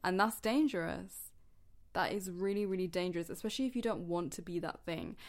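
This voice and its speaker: Earnest woman with a lowish voice. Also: brisk. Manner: earnest, chatty, laughs often, self-correcting. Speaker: self-help vlogger. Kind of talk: casual motivational talk to viewers.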